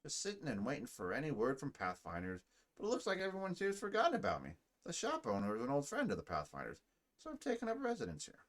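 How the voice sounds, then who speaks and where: A man doing a boastful talking weapon, higher voice. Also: huge pitch swings, fast. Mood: lonely complaint. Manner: trying out shifting British, Scottish and Australian accents. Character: chatty male spirit-weapon adventurer, boastful.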